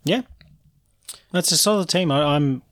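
A man's voice: on the high side, a little slow, fairly bright tone, no room sound, studio quality. A man co-hosting a casual sports podcast, making cheeky jokes. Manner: cheeky, jokey. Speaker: podcast co-host.

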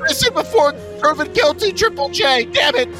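A man's voice: very high voice, sing-song, moderate pace. A man voicing a nervous teenage sidekick who stammers and whines anxiously, with music behind.

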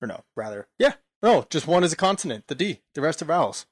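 A man's voice: fairly high pitch, very animated, quick pace, breathy edge. A man co-hosting a podcast, joking in a playful, wry way. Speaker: podcast co-host. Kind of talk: casual banter.

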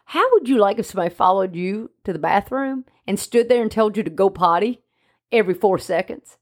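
A woman co-hosting a casual podcast chat, animated and jokey. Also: medium pitch, brisk. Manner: animated, jokey, speaks for the dog in mock voices. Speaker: podcast co-host, dog trainer.

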